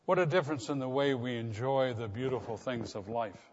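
An older man, a pastor, preaches a sermon earnestly and puts direct questions to his congregation. His mid-range voice moves fairly quickly, and the recording is dull with long hall reverb.

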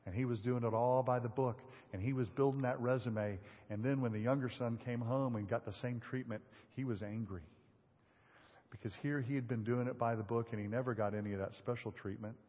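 A man's voice: mid-range voice, fairly even intonation, fairly quick. A man preaching a sermon, reading scripture aloud and explaining it in a conversational way with occasional fillers. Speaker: pastor. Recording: dull audio in a hall with long reverb.

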